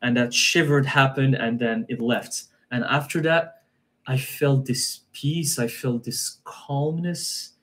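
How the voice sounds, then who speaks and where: A man's voice: medium pitch, steady tone, slow, fairly bright tone. A man, a guest on a live stream, telling a personal story in an earnest way, often repeating himself and restarting sentences.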